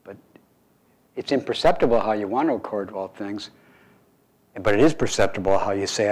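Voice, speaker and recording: A man's voice: on the low side, fairly quick, long pauses, husky, low-quality recording. Man giving a playful dharma talk. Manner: relaxed, playful, with wry asides. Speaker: meditation teacher.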